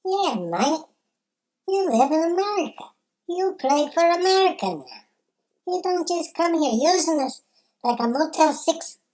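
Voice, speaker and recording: A man putting on a squeaky heckling loudmouth. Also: animated, low-quality recording. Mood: mocking heckle. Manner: mocking, heckling, drawn-out "mate".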